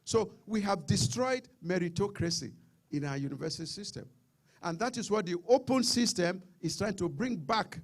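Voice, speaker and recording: Nigerian guy lecturing a seminar, higher voice with some gravel, keeps repeating himself for emphasis. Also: lively intonation, moderate pace. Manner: emphatic, repeats words and restarts phrases. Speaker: seminar speaker. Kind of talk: public lecture.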